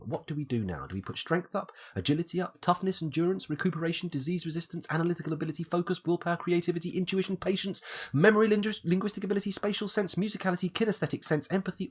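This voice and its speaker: A British man streaming live gameplay, his voice husky and breathy from a cold. He thinks aloud and mulls over each option, and his pitch swings up and down in a lively way. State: has a cold, coughing.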